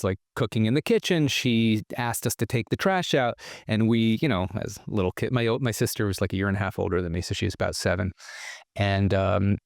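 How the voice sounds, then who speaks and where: A man from Israel telling a childhood story as a podcast guest, animated and acting out the voices of the people in it. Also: on the low side, clear, resonant tone, no room sound, studio quality. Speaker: guest entrepreneur. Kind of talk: casual storytelling interview.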